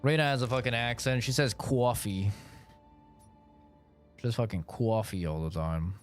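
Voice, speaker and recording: A man's voice: medium pitch, fairly even intonation, moderate pace, soft background music. A man streaming a game, chatting casually in a profane, laid-back, rambling way. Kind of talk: casual chat while gaming.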